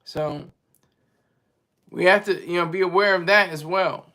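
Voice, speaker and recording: A man's voice: sits high, unhurried, bright, forceful tone. A man hosting a live stream in a casual, rambling monologue, giving strong opinions and often stopping to search for words as he answers his chat.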